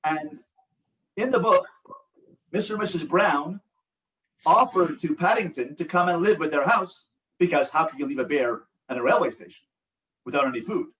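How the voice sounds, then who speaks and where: An older man, a rabbi and relationship coach, teaching an online support group with animated storytelling and acted-out quotes. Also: a little high, normal speed, long pauses, distant mic, poor audio. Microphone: video call.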